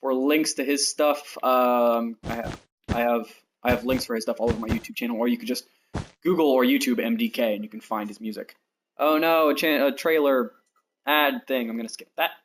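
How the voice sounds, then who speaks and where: A man's voice: mid-range voice, fairly even intonation, brisk. Chatty young American man streaming. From United States. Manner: rambling, chatty, talks straight to viewers. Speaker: game streamer. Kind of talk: casual live-stream chat. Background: faint background music.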